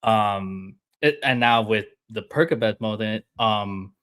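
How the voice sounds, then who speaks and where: Excited low-voiced man gushing as a guest. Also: slow pace. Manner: excited, rambling. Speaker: guest panelist. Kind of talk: casual fan discussion.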